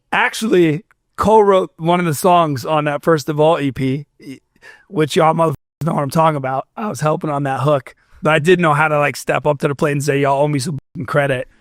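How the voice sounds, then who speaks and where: On a casual podcast, a young man from Fort Myers, Florida, who is a musician, spins a long winding tale with restarts and quoted lines. His voice runs a little high, captured in studio quality without room sound.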